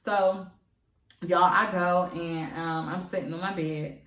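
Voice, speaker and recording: A woman's voice: fairly low pitch, fairly even intonation, slow, a bit bright, reverberant, distant mic. Candid, profane woman telling a story. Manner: profane, emphatic, addresses viewers as y'all. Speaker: vlogger. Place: room at home, seated.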